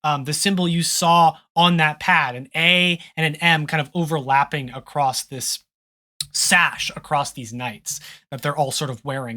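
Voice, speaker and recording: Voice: medium pitch, bright, forceful tone. A game master narrating a tabletop game with loose, filler-heavy descriptions.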